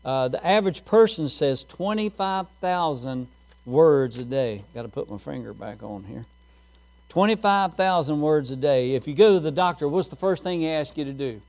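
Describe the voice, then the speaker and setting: A man's voice: on the high side, animated, moderate pace, a little mellow. A middle-aged man preaching a sermon, telling folksy stories and laughing at his own jokes.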